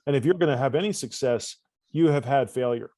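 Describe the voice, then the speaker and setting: A man, a coach guest on a podcast interview, telling stories with lively, acted-out dialogue in a casual conversational way. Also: medium pitch, brisk, no echo. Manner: animated storyteller, acts out dialogue.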